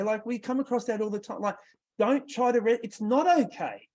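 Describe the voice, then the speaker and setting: A man's voice: very high-pitched, fairly quick, darkish tone. A man with an Australian accent coaching a sales workshop, direct and quizzing his group as he goes. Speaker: sales trainer.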